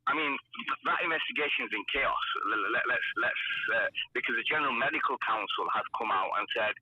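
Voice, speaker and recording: A man calling in by phone, speaking haltingly with many fillers and restarts. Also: medium pitch. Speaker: phone-in caller. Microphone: phone call. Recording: muffled phone line with faint hiss.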